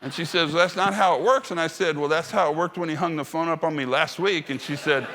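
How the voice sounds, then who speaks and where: A man's voice: fairly high pitch, quick pace, few pauses, sharp tone. A man giving a humorous storytelling keynote at a conference, acting out the dialogue. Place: large conference hall. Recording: reverberant hall sound.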